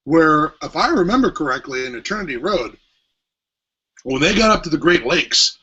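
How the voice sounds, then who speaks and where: A husky-voiced man co-hosts a casual podcast, wandering through his points with plenty of hesitation. The sound is dull and lo-fi. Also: on the high side, big pitch swings, normal speed, pushed and bright. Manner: rambling, hesitant, many fillers. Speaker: podcast co-host. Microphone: headphones with mic at home.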